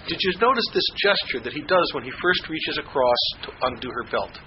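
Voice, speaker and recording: Animated man lecturing a class. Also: fairly high pitch, a little fast, few pauses, dull audio, background noise. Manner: animated, asks the class questions. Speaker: teacher.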